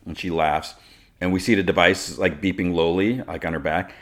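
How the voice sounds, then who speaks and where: A man's voice: sits low, steady tone, normal speed. A man hosting a podcast, casually recapping a cartoon episode with lots of filler words. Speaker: podcast host.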